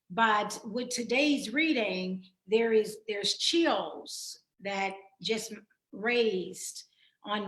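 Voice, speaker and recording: A woman who is a writer and guest, reading her own poem and then speaking reflectively in halting sentences over a video call. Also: mid-range voice, fairly bright tone. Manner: slow, reflective, halting with fillers. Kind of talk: poetry reading and candid conversation. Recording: roomy echo.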